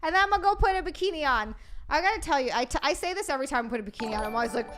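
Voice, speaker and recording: A high, bouncy woman's voice that swings all over as she hosts a casual livestream chat. She is excitable and loose, swearing freely and laughing between the super chats she reads aloud. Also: very fast, a little hiss or hum. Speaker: streamer and podcast host.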